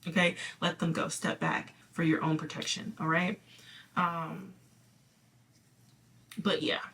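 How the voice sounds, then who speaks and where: A woman's voice: deep voice, level tone, takes it slowly, vocal fry, a bit bright, a little hiss or hum. A woman giving a casual spoken card reading to her viewers, chatty and reassuring, full of fillers and small laughs. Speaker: tarot reader.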